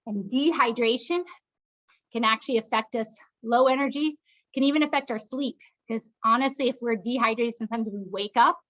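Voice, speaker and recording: High-voiced upbeat woman coaching laughter yoga. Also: normal speed, a bit bright, highs cut off. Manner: upbeat, coaxing, bursts into laughing and cheering. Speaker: laughter yoga instructor and doctor. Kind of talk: leading a group wellness session.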